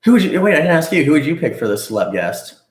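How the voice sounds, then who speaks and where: A man's voice: fairly high pitch, sing-song, fast talker. A young man co-hosting a podcast in casual chat, joking and rambling with lots of filler words. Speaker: podcast co-host. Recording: echoey room.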